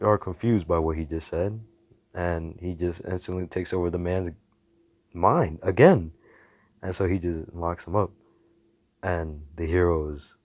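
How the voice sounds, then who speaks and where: A man with a low voice tells a story in a loose, rambling way, full of slang and swearing. The recording is close and dry, with no room sound. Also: darkish tone, dry recording. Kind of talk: casual storytelling.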